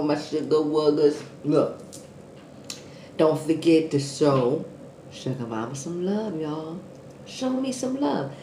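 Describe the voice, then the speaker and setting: A woman speaking chats slowly to her viewers while she eats, her pitch swinging up and down. She sounds a bit out of breath. The room echoes, with a faint hiss behind her. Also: darkish tone. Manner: chatty, eating on camera, smacking and sighing. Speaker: eating show host. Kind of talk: casual mukbang chat to viewers.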